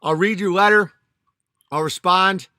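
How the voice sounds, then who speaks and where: A man's voice: sits high, fairly even intonation, a little slow, sharp tone, clean tone, no room sound, clean studio sound. A man in his thirties, a channel host, delivering an angry, profane and emphatic vlog monologue.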